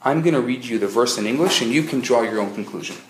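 A man who is a rabbi, giving a humorous lecture as an animated storyteller with quick joke delivery. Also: mid-range voice, slight background noise. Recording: echoey room.

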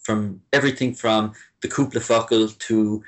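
A man from Limerick with a softened Irish accent, chatting as an interview guest, hesitant with many restarts and fillers. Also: on the low side, fairly even intonation, normal speed. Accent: Irish, softened by years abroad. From Ireland, Limerick. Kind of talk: casual interview chat.

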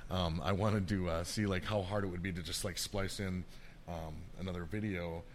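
Middle-aged male podcast co-host, slightly low voice, profane rants, quick to laugh. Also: steady tone, slight background noise. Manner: heavy swearing, ranting, laughs a lot. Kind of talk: casual chat.

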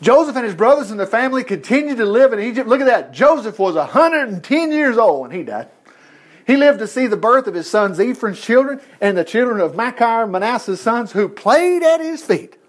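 Animated folksy preacher, high lively voice. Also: male voice, brisk. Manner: folksy, animated, laughing asides, acts out characters' voices. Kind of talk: sermon, reading and commenting on scripture.

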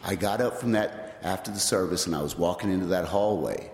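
Low-voiced man telling his testimony in a church. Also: brisk. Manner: storytelling with repeated "well, guess what?". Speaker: church member giving testimony. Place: large church sanctuary. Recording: echoey hall with long reverb.

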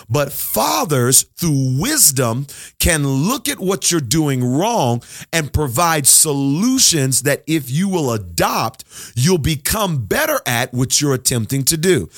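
A man preaching a sermon as a pastor, emphatic, slowing down and drawing out key phrases. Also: fairly high pitch, no echo, clean studio sound.

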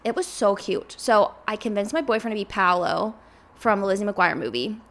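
A woman's voice: medium pitch, normal speed, a bit bright. A woman in her twenties hosting a podcast, chatting casually and rambling with lots of filler words. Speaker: podcast host.

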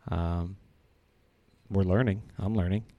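A man's voice: low-pitched, steady tone, slow pace, dry recording, highs cut off. A man in his thirties telling a personal story in a casual, earnest way, rambling with many fillers and restarts.

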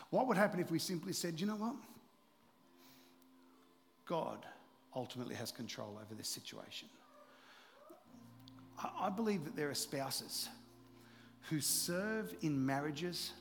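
A man preaching a sermon as pastor, joking with the congregation and sometimes dropping to a hushed voice for emphasis. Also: a little high, animated, normal speed, pauses often, big-room sound, faint music behind. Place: church auditorium.

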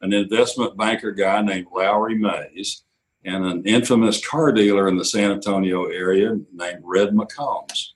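An older man, a radio executive telling anecdotes in an interview, quoting others in lively bursts. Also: lowish voice, unhurried, a little hiss or hum, rough recording. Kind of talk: storytelling interview.

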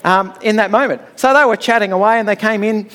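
A man's voice: high voice, brisk, a bit bright. A middle-aged man preaching a sermon in a conversational, storytelling way, often checking in with "all right?".

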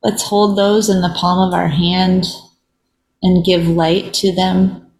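A woman hosting a show, thanking a guest and leading a quiet guided reflection in a soft, measured way. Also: fairly low pitch, level tone, poor audio. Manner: soft, measured, with drawn-out pauses. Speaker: podcast host.

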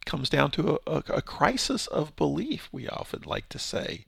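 A man's voice: a little high, huge pitch swings, normal speed, creaky, a bit bright, husky, no room sound. A man giving a casual verse-by-verse Bible teaching, explaining with rhetorical questions and his own paraphrases.

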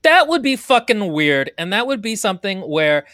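A woman co-hosting a book club podcast, talking casually in a blunt, wry manner with quick jokes. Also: mid-range voice, sing-song, fairly bright tone, dry recording, studio quality.

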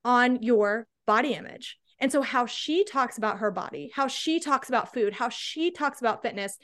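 A woman's voice: on the high side, normal speed. A woman guest, a body-confidence coach, speaking with passion and emphasis in an interview. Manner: energetic, emphatic, tag questions like "right?".

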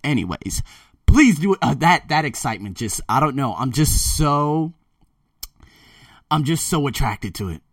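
A man talking casually to his viewers, emphatic and animated, often repeating himself. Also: medium pitch, moderate pace, no echo, studio quality, recorded from a distance. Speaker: vlogger. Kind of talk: casual monologue to camera. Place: Thailand.

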